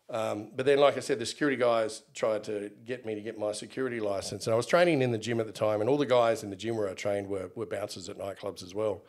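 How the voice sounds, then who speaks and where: A middle-aged Australian man in a casual interview, telling stories and acting out the people in them. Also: on the low side. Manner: animated, acts out quoted exchanges. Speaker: interview guest, former bodyguard.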